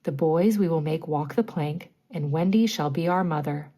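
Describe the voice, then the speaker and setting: A woman's voice: deep voice, normal speed, warm tone. Woman doing a proud brooding pirate captain. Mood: scheming. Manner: stern, brooding, then shaken. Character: menacing proud male pirate captain, villain.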